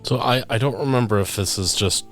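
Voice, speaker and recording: A man's voice: mid-range voice, fairly quick, fairly bright tone, soft background music. A man co-hosting a game stream, chatting casually and hesitantly, often repeating words as he starts. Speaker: stream co-host. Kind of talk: casual let's-play chat.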